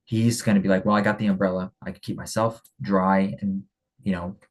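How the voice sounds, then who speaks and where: Blunt low-voiced husky man. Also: little pitch movement, a little fast, low-quality recording. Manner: blunt, emphatic, repeats himself. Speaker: speaker on men's character. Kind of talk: casual motivational talk.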